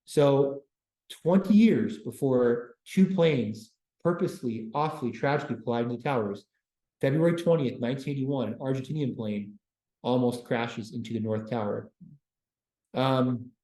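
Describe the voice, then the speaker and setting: A man giving a casual classroom history lecture as a university lecturer, breaking it up with deadpan joking asides. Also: medium pitch, normal speed. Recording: roomy classroom echo.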